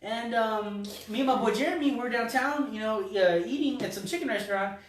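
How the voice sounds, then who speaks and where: A man's voice: very high voice, brisk, far from the mic. A man casually telling a story on a podcast, full of fillers and swearing. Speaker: podcast co-host. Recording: echoey room, away from mic.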